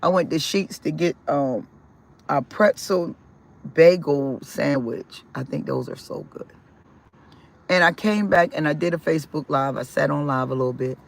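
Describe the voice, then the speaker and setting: Gravelly man telling his story. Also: a little high, normal speed. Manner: rambling, repeats words and restarts, expressive swings. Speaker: vlogger. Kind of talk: casual personal storytelling.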